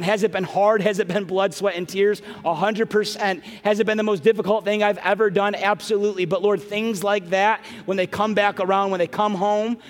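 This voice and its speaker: A middle-aged man preaching a sermon as pastor, telling an emotional family story with quick asides. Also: high-pitched. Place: large church sanctuary. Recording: long hall reverb, soft music behind.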